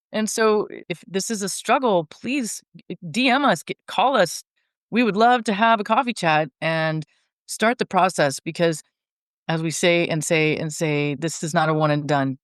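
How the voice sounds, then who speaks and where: Candid woman with a crisp, dry voice. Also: fairly low pitch, moderate pace, no echo. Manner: candid and lively, acts out quoted dialogue. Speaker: Catholic coach and podcast co-host. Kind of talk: conversational podcast chat.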